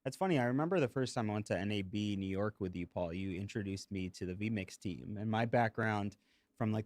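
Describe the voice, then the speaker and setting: Low-voiced man hosting a tech stream. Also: dry recording. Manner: upbeat, engaging the audience. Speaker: podcast host. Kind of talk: casual tech chat.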